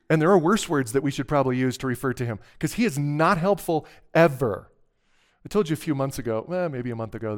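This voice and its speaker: A middle-aged man preaching a sermon as pastor, talking in a conversational, earnest way and breaking into emphatic bursts. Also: medium pitch.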